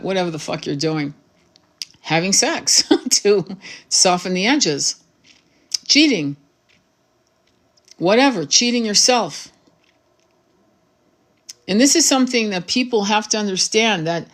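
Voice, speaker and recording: Blunt, profane woman tarot reader. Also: fairly low pitch. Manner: spiritual vocabulary. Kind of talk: casual monologue to camera.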